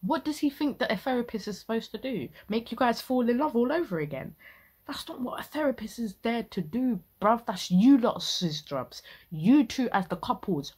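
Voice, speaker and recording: A woman's voice: on the high side, animated, normal speed, darkish tone, husky. A young woman ranting indignantly in casual reaction commentary, full of slang. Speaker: reaction video host.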